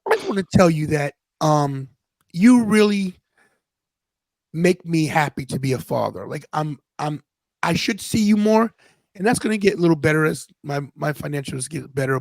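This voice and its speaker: A man's voice: on the high side, no echo, low-quality recording. A man in his fifties hosting a podcast, telling a personal story in an earnest, casual way and often restarting his sentences. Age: 50s. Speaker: podcast host.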